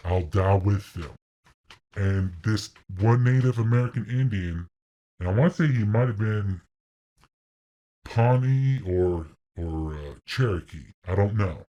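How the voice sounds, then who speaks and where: A man's voice: lowish voice, dark tone. A man casually telling a long story, rambling with asides and restarts.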